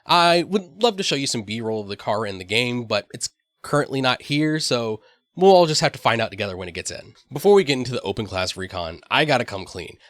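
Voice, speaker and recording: A man's voice: mid-range voice, sing-song, a little fast, fairly bright tone, no echo. A man hosting a weekly gaming recap, reading a scripted voice-over in a dry, matter-of-fact way with the odd wry aside. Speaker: gaming channel host.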